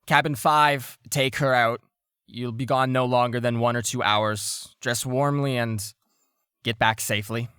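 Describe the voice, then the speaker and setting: A man's voice: lowish voice, measured pace, fairly bright tone, dry recording, clean studio sound. A man playing a stern female shipmaster. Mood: commanding. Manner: commanding, clipped.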